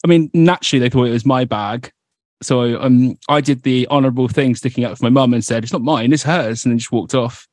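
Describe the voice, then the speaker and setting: A man's voice: medium pitch, a little fast, darkish tone, no room sound. Laughing male podcast host, dry sound. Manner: laughing, teasing banter. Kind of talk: casual chat.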